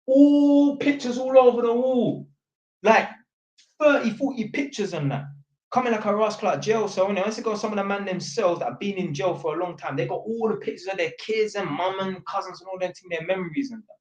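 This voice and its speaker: A man's voice: high-pitched, fast talker, dull audio. A man, an electrician telling a long, slangy, rambling story for his vlog, full of fillers and restarts. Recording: roomy echo.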